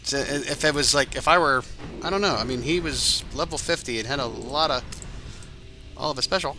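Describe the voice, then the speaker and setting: A game channel host plays through a let's-play, chatting casually, rambling, and swearing now and then. He sounds a little tired and yawns, speaking a little fast in a mid-range, sharp voice, with slight background noise.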